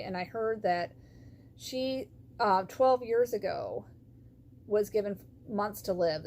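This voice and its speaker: A woman's voice: mid-range voice, darkish tone. Middle-aged lady talking through a faith story, heartfelt, lots of ums, a little hiss behind. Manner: heartfelt, rambling with many fillers. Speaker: vlogger. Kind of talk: personal faith testimony.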